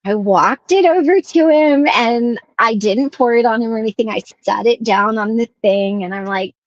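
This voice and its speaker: Animated woman telling stories, fairly high. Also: normal speed, no echo, lo-fi sound. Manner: animated, laughs mid-sentence, restarts phrases. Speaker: co-host. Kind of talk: casual storytelling chat.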